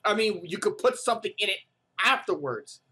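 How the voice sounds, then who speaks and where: A man giving casual, joking game commentary, quick to react. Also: sits high, animated, pushed and bright, slightly rough. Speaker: let's play host.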